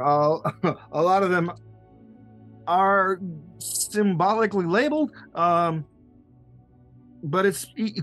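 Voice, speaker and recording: A man narrating a tabletop game as game master, loose and rambling, laughing often. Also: a little high.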